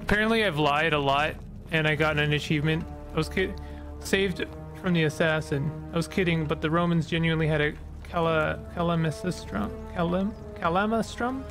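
A man's voice: on the high side, brisk. A man giving casual, joking let's-play commentary, reacting aloud as he plays. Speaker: gaming streamer. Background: game music.

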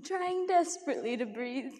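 A young woman performing a dramatic monologue as a grieving young mother, speaking in a hushed, halting way with broken restarts. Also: high voice, animated, in a large hall. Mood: hushed recollection. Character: grieving young mother who lost her little son. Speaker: competitive speech performer.

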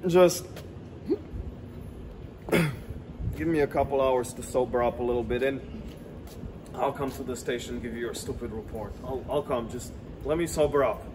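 A man's voice: medium pitch, moderate pace, pauses often, noisy background, natural voice. A man voicing a drunk, sleepy male vampire count who grumbles and protests theatrically, on a city street outdoors. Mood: drunk irritated.

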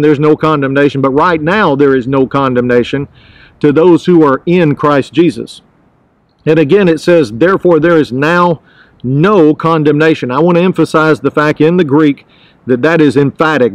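A man's voice: a little high, dry recording, low-quality recording. A man pastoring a church, teaching a devotional podcast in an earnest, emphatic way, repeating his key phrases.

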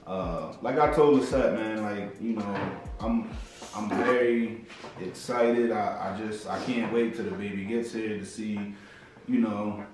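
A man's voice: fairly low pitch, measured pace, recorded from a distance. A young man, the vlogger's husband, talking casually and laid-back, saying "man" a lot. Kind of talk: casual chat. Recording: echoey room, off-mic, music behind.

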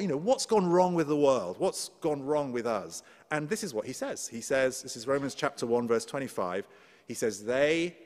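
A man with an English accent preaching a sermon in a conversational way, often asking his congregation questions. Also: mid-range voice. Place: church. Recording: long church reverb.

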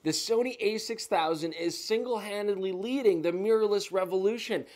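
A man's voice: high voice, normal speed, darkish tone. A man co-hosting a camera review show, joking around casually while having a few drinks. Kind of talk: casual product review banter.

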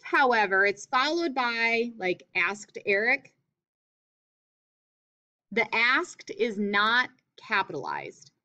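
A woman's voice: fairly high pitch, pushed and bright. A woman teacher explaining punctuation in a classroom writing lesson, reading examples aloud with expression.

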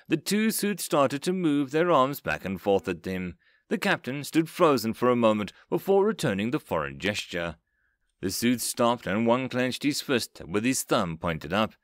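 A man's voice: mid-range voice, fairly bright tone, no room sound, clean studio sound. A man narrating a science fiction short story as an audiobook, telling it expressively.

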